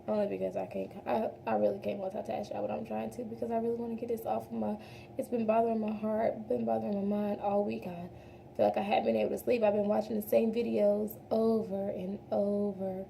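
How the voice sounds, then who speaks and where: A beauty vlogger with a medium-pitched, gravelly, dark-toned voice gives a casual makeup tutorial at home in window daylight. She talks earnestly, rambles a bit, and calls her viewers "y'all," with slight background noise.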